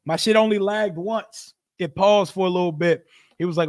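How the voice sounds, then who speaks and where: A man's voice: high-pitched, moderate pace, no echo, studio quality. A man hosting a live football watch stream, reading chat aloud and calling plays in a loose, profane, joking way. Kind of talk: casual live reaction and play-by-play.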